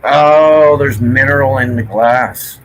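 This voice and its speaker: A man's voice: medium pitch, slow, fairly bright tone, low-quality recording. A middle-aged man with a Newfoundland accent, chatting casually and swearing freely. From Newfoundland, Canada. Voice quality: gravelly, swears a lot. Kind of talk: casual chat.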